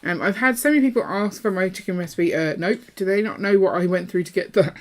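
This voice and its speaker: Talking fast in a mid-range voice, with a little hiss or hum in the audio, this woman co-hosts a live stream focused on building. She's playful and talkative, bouncing between subjects and reading the chat's messages out loud.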